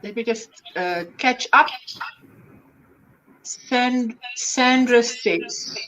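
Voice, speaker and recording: A woman's voice: fairly high pitch, extremely slow, fairly bright tone, low-quality recording. A woman hosting a livestream chat, reading viewer comments aloud and reacting to them. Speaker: livestream host.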